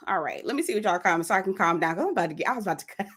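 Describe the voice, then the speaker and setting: A young woman, hosting a casual live stream, animated and cussing freely as she reacts and reads comments aloud. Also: fairly low pitch, racing, husky.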